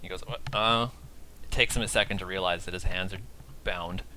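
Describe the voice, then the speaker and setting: A man narrating as game master of a tabletop game in a casual, halting way. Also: low-pitched, steady tone, pushed and bright, slight background noise.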